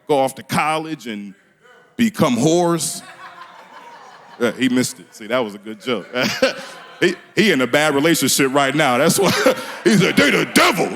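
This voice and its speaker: A man's voice: on the high side, fairly bright tone. A man from doing a stand-up comedy set on a small theater stage, laughing at his own jokes and talking in loose street slang.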